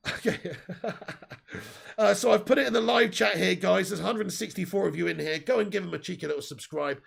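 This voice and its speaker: A man's voice: high-pitched, brisk, vocal fry, a bit bright, husky. A young man hosting a live football fan stream, reading viewer messages and giving opinionated, chatty takes while laughing at his own jokes. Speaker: football fan channel host. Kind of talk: live stream chat reading super chats.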